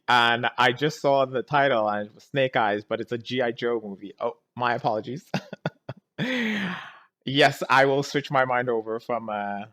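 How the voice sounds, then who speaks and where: A man's voice: medium pitch, fairly bright tone. A man talking casually as he reacts to a movie, exasperated and rambling, often groaning and laughing at it. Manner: keeps restarting and saying "anyways, let's keep going".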